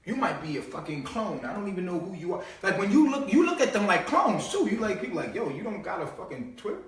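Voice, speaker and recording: A man hosting a casual live-stream monologue, streetwise and profane, mocking people and swinging between low mutters and loud outbursts. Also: sing-song, quick pace. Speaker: host. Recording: echoey room, far from the mic.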